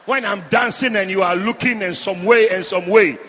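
A man preaching loudly in church, fervent and calling out to the congregation. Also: sits high, moderate pace, soft background music. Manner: loud, fervent, call-and-response. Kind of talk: shouted sermon. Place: church hall. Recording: long hall reverb.

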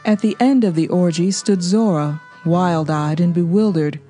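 A woman reads a novel aloud in a mellow, fairly low voice, steady and measured as she carries the story. Soft music hums faintly behind her narration. Her delivery stays even and unhurried. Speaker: audiobook narrator. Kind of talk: scripted narration.

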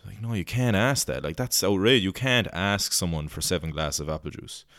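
Irish male podcast host, low and smooth, dry booth sound; loose comic rambler who swears freely. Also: expressive, fairly quick, fairly bright tone, no room sound. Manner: rambling, swearing, goofy put-on voices. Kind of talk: casual comedic monologue.

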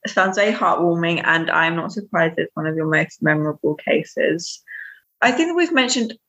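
A woman's voice: fairly low pitch, animated, moderate pace, a bit bright. Woman podcast host on dull audio. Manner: polite, brief acknowledgments. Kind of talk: interview host.

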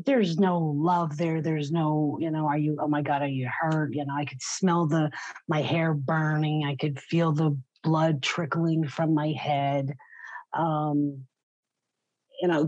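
Slow, husky middle-aged woman. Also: sits low, a little mellow, no room sound. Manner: raw, blunt, swears freely. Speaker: guest sharing her story. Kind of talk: personal testimony in an interview. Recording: slightly muffled, dry recording.

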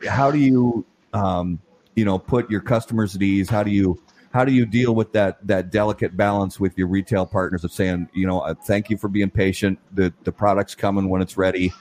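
A man's voice: deep voice, fairly even intonation, normal speed, darkish tone. A man hosting a podcast, chatting casually in a rambling way with many fillers. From lives in Minnesota, not born there. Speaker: podcast host. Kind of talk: casual interview chat.

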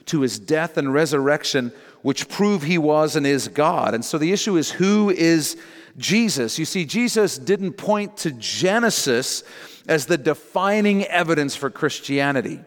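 A man's voice: fairly high pitch, animated, measured pace. A male pastor preaching a sermon in a church, emphatic and direct, repeating his key phrases for weight. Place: church sanctuary. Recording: long reverb in a large hall.

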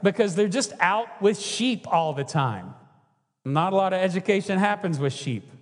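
A man with a high, light voice preaches a sermon, talking to his congregation in an easy, conversational way and often tossing in "right?". His voice rings out with the long reverb of a large hall. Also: expressive, normal speed. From Texas. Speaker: pastor.

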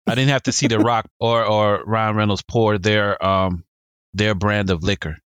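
A man's voice: fairly low pitch, steady tone, moderate pace, a bit bright, clear, resonant tone, no echo, studio quality. A man in a casual podcast chat who states blunt, emphatic opinions and teases the others. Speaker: podcast co-host.

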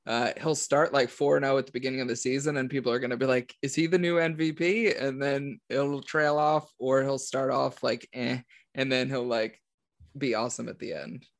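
Young dude talking football casually, lots of likes and restarts, easygoing chat. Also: male voice, mid-range voice, flat delivery, fairly quick. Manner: rambling, thinks aloud with fillers.

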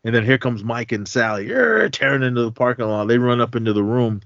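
A man's voice: mid-range voice, animated, a little fast, a bit bright, no echo. A man in a mid-range voice rambles through a casual movie recap, leaning on lots of fillers. The sound is dry and slightly dull. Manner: rambling, filler-heavy storytelling. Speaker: podcast host.

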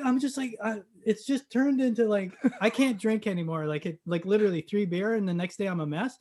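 A Canadian man recounts a story during casual conversation, performing the dialogue and breaking into loud, excited shouts. His voice sits high and he talks a little fast.

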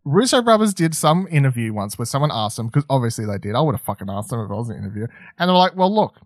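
A man's voice: mid-range voice, sing-song, racing, no echo, studio quality. A man co-hosting a casual film podcast, rambling and swearing freely as he acts out lines. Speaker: podcast co-host.

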